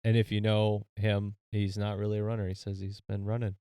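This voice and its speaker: A man's voice: lowish voice, flat delivery, fairly quick, dark tone, smooth, no echo, studio quality. A man co-hosting a podcast, tired late at night, talking in a laid-back, rambling way and laughing often. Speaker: podcast co-host. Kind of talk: casual chat. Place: shop.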